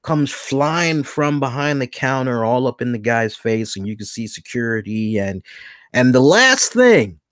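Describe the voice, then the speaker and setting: A man in his thirties hosting a podcast, telling a story in a casual rant, acting out the people in it with big jumps in pitch and some swearing. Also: measured pace, dry recording, clean studio sound. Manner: animated, acts out quoted dialogue with big pitch jumps, swears. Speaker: podcast host.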